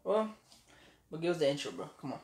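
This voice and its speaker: A man's voice: on the high side, very animated, quick pace, loud music behind the voice. A man co-hosting a podcast in casual chat, loose and rambling with many fillers, pushing his partner for more energy. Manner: loose, rambling, full of "you know" fillers. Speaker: podcast co-host. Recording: echoey room recording.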